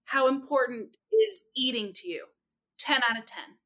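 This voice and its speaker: A young adult woman, a speech therapist, telling stories in an animated, expressive way as a podcast guest. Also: sits high, moderate pace. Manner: animated, expressive, jumps into quoted voices. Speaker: speech-language pathologist guest. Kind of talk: lively storytelling in a podcast interview.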